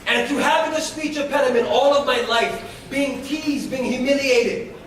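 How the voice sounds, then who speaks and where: A man giving a fervent, preaching inspirational talk to a live audience in a school hall, leading call-and-response and breaking into shouts. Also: very high-pitched, moderate pace, a little hiss or hum. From United States. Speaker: motivational speaker. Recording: very echoey hall, voice from far off.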